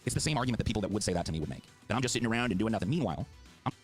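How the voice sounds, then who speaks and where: Brief: middle-aged male debater, low voice, rapid-fire, profane and impassioned. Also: expressive, soft background music. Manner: fiery, profane, heartfelt. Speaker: political debater.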